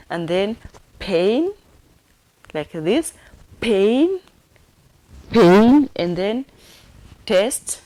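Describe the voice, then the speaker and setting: A woman's voice: mid-range voice, dark tone. A woman teaching sign language, repeating each word and spelling it out letter by letter. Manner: slow, repetitive, spells words letter by letter.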